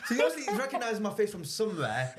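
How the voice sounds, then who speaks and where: A man, a stand-up comedian and podcast guest, telling a rapid, animated anecdote in casual chat, laughing and swearing as he goes. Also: high voice, background noise.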